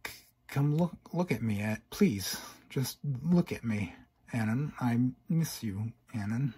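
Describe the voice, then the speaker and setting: Man doing a husky nightmare pony girl, hesitant. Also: medium pitch, lively intonation, slow, heavily acted. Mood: pleading. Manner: soft, hesitant pleading with stammers. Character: nightmarish false female pony, pleading, menacing.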